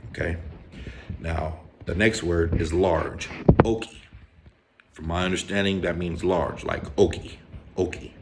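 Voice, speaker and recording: A man from Hawaii casually explaining Japanese words he has picked up, repeating each one slowly in a relaxed, slangy way with some swearing. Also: deep voice, background noise. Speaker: vlogger teaching Japanese words.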